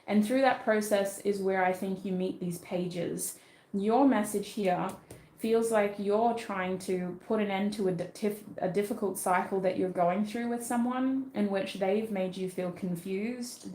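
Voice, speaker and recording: An Australian woman gives a relaxed, chatty tarot reading. She thinks aloud as she goes, often restarting her sentences, and her voice sits in a mid range for a woman. The recording has a noticeable echo from the room. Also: medium pitch. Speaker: tarot reader. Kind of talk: casual livestream tarot reading.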